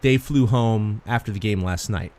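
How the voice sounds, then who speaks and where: A man co-hosting a sports podcast, an animated storyteller who laughs often in casual chat. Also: lowish voice, normal speed, a crowd in the background. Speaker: podcast co-host.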